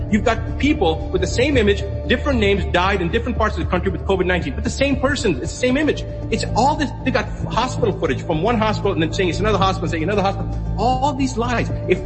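Fast insistent man with music behind. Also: high-pitched. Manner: fast, insistent, repeating himself. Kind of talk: heated conspiracy talk.

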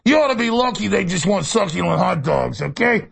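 A man's voice: high-pitched, animated, brisk, heavily acted. A man playing a menacing male killer clown with a Brooklyn accent, in a taunting, ranting comedy sketch. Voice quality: gravelly, husky. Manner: taunting, shouting rants, cackling.

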